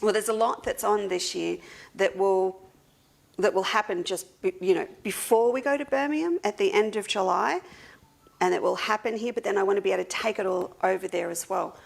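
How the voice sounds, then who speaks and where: A woman's voice: mid-range voice, a little fast, gravelly. An Australian woman hosting a casual livestream for her quilting shop, chatting to viewers and greeting them one by one by name. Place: seated at a table indoors.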